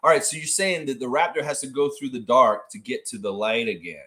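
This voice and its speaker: A man hosting a casual livestream, rambling and animated as he tells a silly story. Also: mid-range voice, a little fast. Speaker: livestream host.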